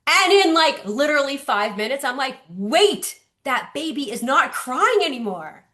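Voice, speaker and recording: A woman speaker teaching parents in a lunch-and-learn session. She tells stories with animated energy and slips into playful voices to act them out. Her voice sits a little high. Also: a little slow. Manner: animated storytelling with acted-out voices.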